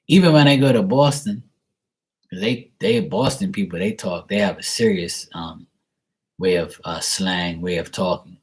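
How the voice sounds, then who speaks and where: A man's voice: low voice, slightly rough. A man from Bermuda with a Bermudian accent, rambling chattily in a casual vlog as he answers viewer questions. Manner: chatty, digressive, mimics other people's voices in quotes.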